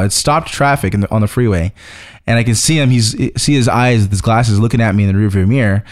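A man's voice: fairly low pitch, brisk. A young man co-hosting a casual chat, telling stories and laughing often. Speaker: podcast co-host.

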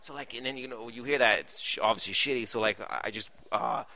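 Male comic guest, loose rambling storyteller, bright voice. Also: medium pitch, fast. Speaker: stand-up comedian guest. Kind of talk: casual podcast chat.

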